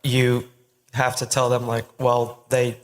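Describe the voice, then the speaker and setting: A man's voice: medium pitch, monotone, takes it slowly. A man in the audience asking a long, rambling question at a live podcast event. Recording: long hall reverb.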